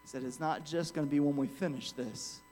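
A man preaching a sermon as a pastor in a church, telling a story quietly and then building to forceful, earnest preaching with frequent restarts. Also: a little high, steady tone, brisk, a little hiss or hum. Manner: frequent restarts and "amen" asides. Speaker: guest pastor.

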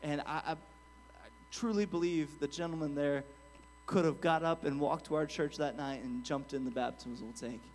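A man preaching in a church, earnest and building in force, with a somewhat high voice. He tells the story in a quieter register, stumbles and restarts, and drops in an "amen" now and then. A faint hum sits under the sound. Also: fairly even intonation, moderate pace. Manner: frequent restarts and "amen" asides. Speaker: guest pastor. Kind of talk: sermon with storytelling.

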